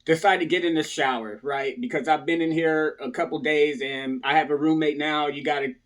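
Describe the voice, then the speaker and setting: A man with a slightly high voice speaks straight to his viewers in a loose, casual storytelling way. He keeps checking in with them after almost every line and jumps into other people's voices to act out what they said. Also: fairly even intonation, brisk, a bit bright. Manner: talks to viewers, repeatedly tags lines with "right?"; acts out other people's lines in a raised voice. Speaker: storyteller recounting his past.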